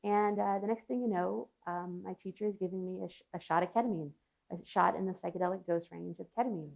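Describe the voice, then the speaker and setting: A woman's voice: lowish voice, fast talker, vocal fry, darkish tone. A woman psychologist speaking as an interview guest, telling a personal story in an earnest, reflective way. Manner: earnest, reflective, with frequent restarts and laughs.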